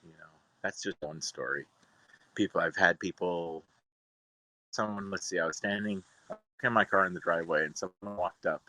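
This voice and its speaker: In a low, sharp-toned voice at normal speed, a man vlogs a rambling, exasperated story about his cat, pausing often. He's chatty and calls to his cats now and then, and the recording is rough.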